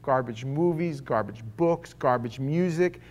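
At a measured pace and medium pitch, a middle-aged pastor tells his sermon conversationally through stories. He moves between soft and loud delivery and acts out the voices of others.

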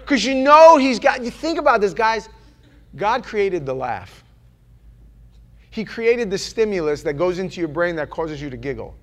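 A man from New York preaching a sermon, animated and joking, acting out little voices as he tells his stories. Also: sits high, a little slow. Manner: animated, acts out voices and jokes.

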